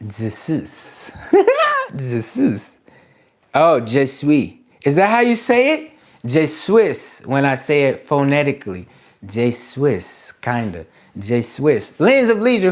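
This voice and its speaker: A man streaming live as an artist, giving excited shout-outs to viewers in casual slang, then turning soft and reflective. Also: medium pitch. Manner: drops to a soft, quiet reflective tone. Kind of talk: casual livestream chat.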